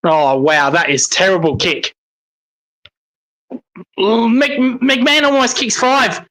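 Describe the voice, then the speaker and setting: Male fan caller, bright forceful voice, excitable and sweary. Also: sits high, slow pace, pauses often, low-quality recording. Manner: excitable, swears in frustrated outbursts. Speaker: football fan commentator. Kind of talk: live watch-along commentary.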